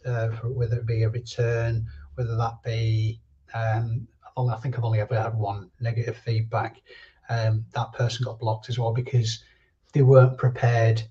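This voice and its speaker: A man hosts a loose live stream chat, answering viewers as he goes. His voice is mellow and low in the treble, and the stream audio sounds a little dull and lo-fi. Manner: chatty, answers viewer comments and drifts between thoughts.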